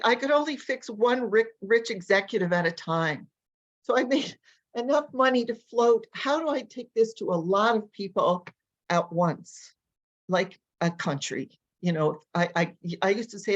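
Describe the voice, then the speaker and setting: A woman language coach and educator, telling stories in an animated, energetic way during a casual interview. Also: medium pitch, highs cut off. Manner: animated, energetic storyteller who acts out voices.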